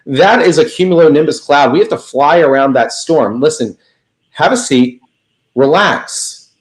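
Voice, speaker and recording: A man's voice: a little high, lively intonation, unhurried. A man voicing a laid-back male jet pilot in a story he tells, offhand and drawling. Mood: calm.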